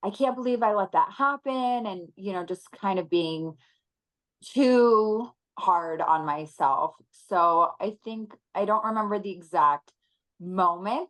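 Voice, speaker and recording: A woman in her thirties speaks as a podcast guest, and her voice sits a little low. She talks in an earnest, reflective way, with the odd soft laugh. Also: rough recording. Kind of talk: conversational interview.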